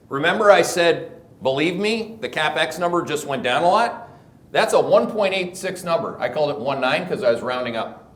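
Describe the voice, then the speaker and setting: A Canadian man hosts a markets show, his voice sitting in the middle of the male range. He talks in punchy, emphatic bursts and jokes as he goes. The room behind him rings with a noticeable echo. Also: medium pitch. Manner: animated, emphatic, jokey, repeats words. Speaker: host. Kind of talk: market commentary on a live show. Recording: echoey room.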